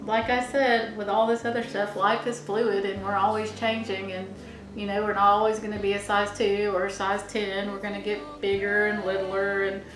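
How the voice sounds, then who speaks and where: A woman's voice: medium pitch, level tone, normal speed, noisy background. Musing middle-aged woman in an echoey room. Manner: meandering, musing, often restarts and trails off. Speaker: vlogger. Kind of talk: rambling reflective monologue.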